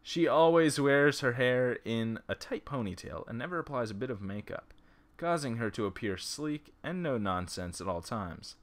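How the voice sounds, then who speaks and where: A man's voice: mid-range voice, animated, moderate pace. A man reading an interactive story game aloud on a laptop's built-in mic, breaking off into joking side comments.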